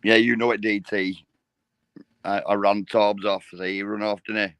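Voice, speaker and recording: A hoarse man hosting a casual livestream chat, blunt and sweary with laddish banter. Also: lowish voice, little pitch movement, a little slow, a bit bright, dry recording. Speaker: livestream host.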